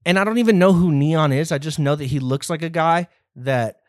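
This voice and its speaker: A man's voice: on the high side, a little fast, no echo, clean studio sound. A man hosting a comedy podcast alone, rambling and profane in a self-deprecating way. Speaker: podcast host. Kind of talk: solo comedy podcast monologue.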